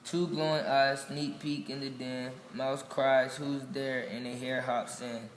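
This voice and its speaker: Man reading a kids' picture book, slow, level delivery, echoey room with long reverb. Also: medium pitch, flat delivery, slight background noise. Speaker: storybook reader. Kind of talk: children's picture book read-aloud.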